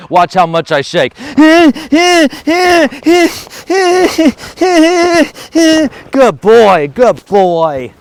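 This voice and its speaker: A man's voice: on the high side, clear, resonant tone, no echo. A man filming a casual dog-training vlog outdoors in a marsh or field, chatty and upbeat, calling out commands and praise to his dog.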